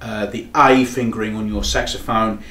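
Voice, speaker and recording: A man, teaching saxophone in a halting, explanatory way with frequent pauses. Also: fairly low pitch, little pitch movement, sharp tone. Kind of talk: demonstrating tutorial. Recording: echoey room with faint background noise.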